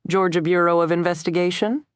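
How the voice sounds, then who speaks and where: A woman's voice: fairly low pitch, steady tone, brisk, no echo, studio quality, voice pushed up, close to an everyday voice. A woman voicing an easygoing male state agent with a Southern accent, drawling politely in an audiobook. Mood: amused drawl.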